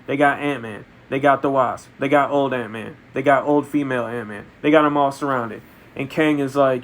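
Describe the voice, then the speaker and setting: A man reviewing a film in a comedic, deadpan way, retelling absurd story events. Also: medium pitch, moderate pace. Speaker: movie reviewer. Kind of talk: comedic spoken movie review.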